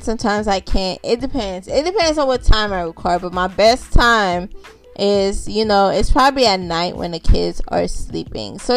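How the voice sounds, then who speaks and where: Chatty woman podcast host. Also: medium pitch. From Haitian background. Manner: chatty, repeats herself, addresses listeners as y'all. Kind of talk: unscripted casual podcast talk.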